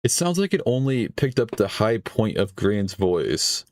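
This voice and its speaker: A man with a lowish, darkish voice talks in a sing-song way, a little slowly. Hosting a stream, he reacts to a video with loose, meandering commentary, full of swearing and laughs dropped mid-sentence.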